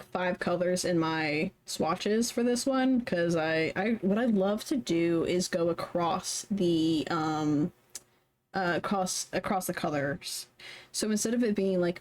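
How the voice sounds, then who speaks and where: A woman's voice: on the low side, darkish tone. A young woman chatting casually on a live stream while she draws, rambling and self-deprecating. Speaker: streamer drawing fan art.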